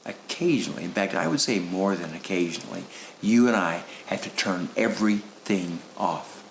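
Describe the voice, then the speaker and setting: A man preaches a sermon in a low, gravelly voice. He keeps it conversational and leans on rhetorical questions. The sound is echoey, with faint room ambience behind him. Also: expressive, normal speed, a little hiss or hum. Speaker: pastor. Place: church sanctuary.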